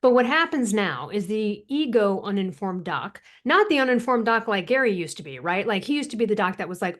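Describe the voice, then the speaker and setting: Few pauses break up this woman's fairly quick, medium-pitched speech. An American thyroid coach and author appearing as a podcast guest, she tells stories with emphasis and animation, dramatizing quotes as she goes.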